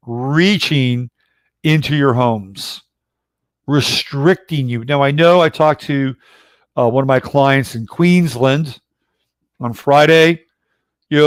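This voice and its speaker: Slow-talking man, dry close sound. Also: medium pitch, no room sound. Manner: rambling, conversational, blunt, with occasional swearing. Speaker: astrologer host. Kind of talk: casual livestream astrology talk.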